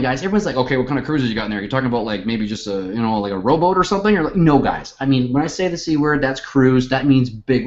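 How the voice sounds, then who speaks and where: A man presenting a hyped sales webinar in a jokey, excitable way, over dull lo-fi audio. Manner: excitable, jokey, big swings in pitch.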